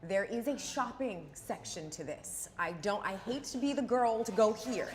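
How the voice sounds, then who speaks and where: A woman's voice: on the high side, expressive, moderate pace. A woman co-hosting a live charity broadcast, bubbly, playful and emphatic. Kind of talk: lively live-stream chat. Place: broadcast set in Philadelphia.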